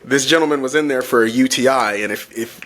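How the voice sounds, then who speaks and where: A man's voice: mid-range voice, fast, fairly bright tone. A man guest on an interview podcast, talking earnestly about running his home care agency, with many restarts and fillers. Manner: earnest storyteller, frequent restarts and "you know". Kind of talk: casual interview.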